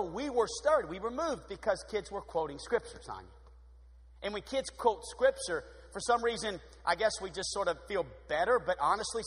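Male preacher with a high voice and an animated sermon delivery, recorded with a long hall reverb. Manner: animated, shifts from loud exclamations to hushed prayer voice. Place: church sanctuary. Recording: long echo of a large hall.

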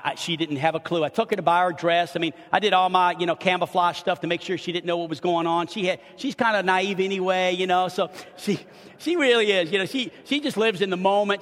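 A man's voice: high-pitched, fairly bright tone, big-room sound. A middle-aged man preaching as a pastor, telling a story animatedly and often restarting and repeating his words. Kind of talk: storytelling sermon. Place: church sanctuary.

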